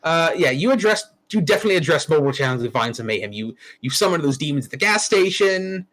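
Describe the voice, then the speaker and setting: A man running a tabletop roleplaying session as its game master, speaking in a slightly higher register than most men. He talks casually and bluntly, with frequent swearing, as he works through the rules and hands out experience points. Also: animated, fast, fairly bright tone, poor audio.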